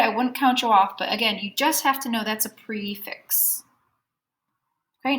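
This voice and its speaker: A woman's voice: on the high side, fairly bright tone, low-quality recording. A woman teacher walking second graders through a phonics worksheet, patiently explaining each step and checking in with "okay?". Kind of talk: phonics lesson walkthrough.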